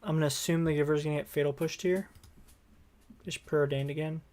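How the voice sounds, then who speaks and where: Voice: mid-range voice, steady tone, a little fast, a little mellow. Easygoing player thinking aloud mid-game. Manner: casual, thinking aloud while playing. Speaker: streamer playing a card game online. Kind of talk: live gameplay commentary.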